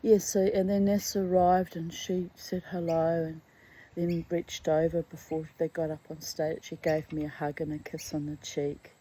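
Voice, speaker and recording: Speaking at a normal speed, this middle-aged vlogger has a low-pitched, mellow, slightly rough voice and a flat delivery, captured on a rough recording. She's candid and emotional, chatting in a rambling way across topics and whispering some asides.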